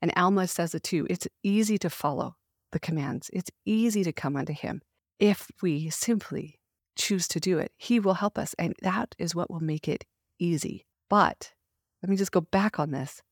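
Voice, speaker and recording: A woman's voice: lowish voice, normal speed, husky, dry recording. Earnest middle-aged woman, dry close sound. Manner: earnest, heartfelt, emphatic. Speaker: podcast host. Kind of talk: faith devotional talk.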